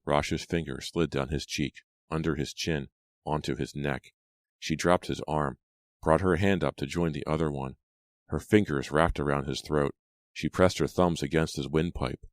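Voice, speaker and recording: Super deep voiced guy reading a scary audiobook, steady and dramatic, dry close mic. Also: no echo. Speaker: audiobook narrator. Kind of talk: scripted horror narration.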